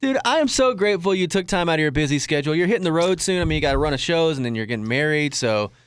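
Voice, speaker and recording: A male podcast host interviews his guest in an upbeat, easygoing manner. His fairly high voice rises and falls a lot and stays smooth. The close mic keeps it dry. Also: animated, rapid-fire, dry recording. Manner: upbeat, laughs easily. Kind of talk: casual interview.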